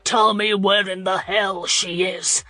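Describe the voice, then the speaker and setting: A woman narrator voicing a furious, lovesick young duke who speaks forcefully and pleads. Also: medium pitch, steady tone, slow, dry recording, clean studio sound. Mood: impassioned.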